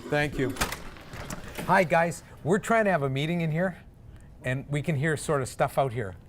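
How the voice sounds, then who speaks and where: A man's voice: on the high side, moderate pace, background noise. A man leading a choir rehearsal, counting in and singing short examples with energy. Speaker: choir director. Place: rehearsal room.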